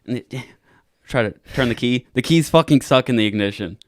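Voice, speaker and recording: A man's voice: medium pitch, moderate pace, dry recording, studio quality. A young man co-hosting a podcast, telling a long drunken night-out story in a casual, profane way and acting out the quotes. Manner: profane, animated retelling with acted-out quotes. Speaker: podcast co-host.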